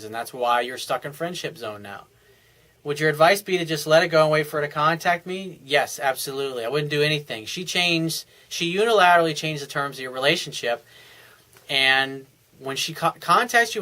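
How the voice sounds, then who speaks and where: A man's voice: fairly high pitch, bright, forceful tone, low-quality recording. A man working as a dating coach, reading out a listener's letter and answering it in a blunt, emphatic, lecturing way.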